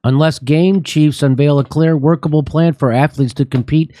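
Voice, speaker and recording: A man's voice: on the high side, fairly even intonation, normal speed, dark tone, dry recording, clean studio sound. A man hosting a political comedy talk show, sarcastic and profane, with jokey asides. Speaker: host.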